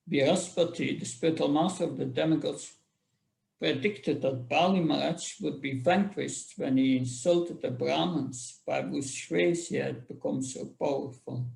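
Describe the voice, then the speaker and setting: A man reading scripture verses aloud and explaining them in a class, halting often and restarting his sentences. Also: fairly high pitch, vocal fry, a little mellow, echoey room. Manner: slow, halting, with restarts and fillers.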